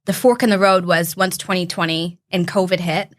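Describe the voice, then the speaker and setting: A woman's voice: on the low side, steady tone, normal speed. A young woman from Canada, a podcast guest telling her story in an earnest, heartfelt way. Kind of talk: casual interview chat.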